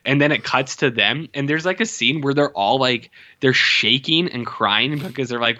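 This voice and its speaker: A man casually co-hosting a movie podcast, talking in an animated, profane way and acting out movie lines in funny voices. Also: medium pitch, moderate pace, few pauses, highs cut off. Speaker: podcast co-host.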